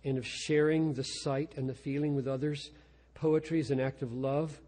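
An older man speaks as a pastor in a lecture, candid and self-deprecating, stumbling over restarts as he explains his craft. His voice is a little husky, and a long hall reverb trails behind each phrase. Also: medium pitch, level tone, normal speed, dark tone. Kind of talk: lecture talk with poetry reading.

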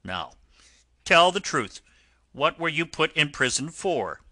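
A man's voice: medium pitch, animated, a little slow, pushed and bright, dry recording. A man voicing a stern but kind-hearted engine driver who talks firmly in an audiobook reading. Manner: firm, instructing. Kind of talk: audiobook character voice.

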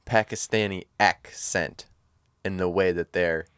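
A man's voice: low voice, fairly even intonation, measured pace, fairly bright tone, clean tone, dry recording, clean studio sound. A man co-hosting a casual podcast chat, thinking aloud in rambling sentences full of fillers. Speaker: podcast co-host.

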